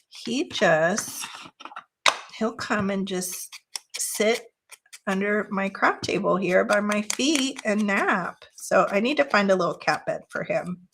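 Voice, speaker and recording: A woman's voice: fairly bright tone, slight background noise. A woman hosting a casual crafting chat, talking easily to her viewers and cooing at her cat in between. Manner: chatty, slips into high baby talk with her cat. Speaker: craft channel host.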